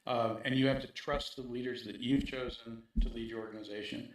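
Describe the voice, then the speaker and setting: A man talks as an interview guest, pressing his points and tagging them with "right?". His voice sits at an ordinary middle pitch. The recording is very echoey, as if made in a bare room. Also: fairly even intonation, fairly quick. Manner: emphatic, repeats points with "right?". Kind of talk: casual interview talk.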